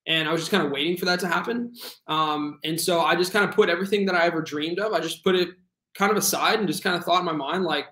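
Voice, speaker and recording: A man in his twenties, a guest telling his story in a casual, earnest way, full of fillers and animated retelling. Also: high-pitched, fast talker, echoey room. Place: home room.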